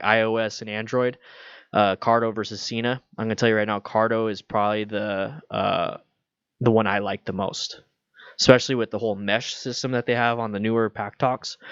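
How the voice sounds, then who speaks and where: A man's voice: fairly low pitch, steady tone, a little fast, a bit bright, clean tone, no room sound, lo-fi sound. A man hosting a casual livestream Q&A about motorcycles, chatty and loose, reading viewer questions aloud. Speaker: motorcycle channel host.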